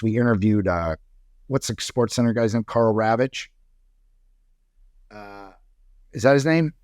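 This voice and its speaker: A man telling stories as a podcast guest, wandering through fillers and restarts. His voice sits at an ordinary pitch. The sound is dry and close. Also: dry recording. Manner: rambling storyteller, many fillers. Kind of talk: casual chat.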